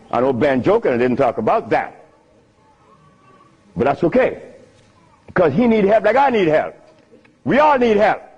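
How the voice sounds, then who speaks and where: An older man with a slightly high, husky voice talks to a crowd. His pitch swings widely as he tells stories and laughs between lines. The sound comes through a dull, lo-fi old recording. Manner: animated, laughs often, sing-song emphasis. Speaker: speaker giving a talk. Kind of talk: storytelling lecture to an audience.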